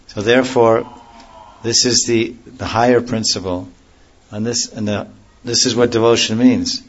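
A man giving a devotional lecture in a measured, explanatory way, often repeating and restarting phrases. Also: on the low side, fairly even intonation, muffled recording, a little hiss or hum. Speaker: religious teacher.

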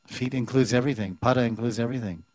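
A man's voice: mid-range voice, quick pace, darkish tone, no echo. A man giving a devotional scripture class who repeats words and chants verses, then explains them. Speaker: spiritual teacher.

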